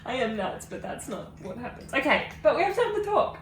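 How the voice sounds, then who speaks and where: Giggly higher-voiced woman in echoey room. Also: fairly quick. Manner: giggly, defensive, animated. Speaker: vlogger, co-host with partner. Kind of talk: casual couple chat. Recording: echoey room, faint noise.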